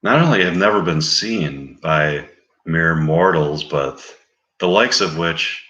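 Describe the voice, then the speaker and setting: A man's voice: low voice, slow, sharp tone, roomy sound, dull audio. A man telling an improvised, rambling comic story, meandering and stalling to think. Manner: meandering, full of fillers and stalls. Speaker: comedic storyteller.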